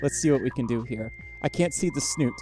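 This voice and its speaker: A tired livestreamer chatting casually with viewers, speaking quietly and haltingly, with lots of fillers and a microphone right up against the mouth inside a costume head. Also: loud music behind the voice. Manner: quiet, low-energy, halting with many fillers. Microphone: microphone very close to the mouth inside a costume head.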